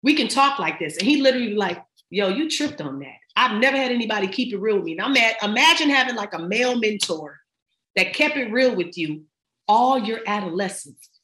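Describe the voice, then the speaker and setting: A woman's voice: on the high side, animated, fast, fairly bright tone. A middle-aged woman talking as a podcast guest in casual chat, emphatic and slangy as she gives advice. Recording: roomy echo.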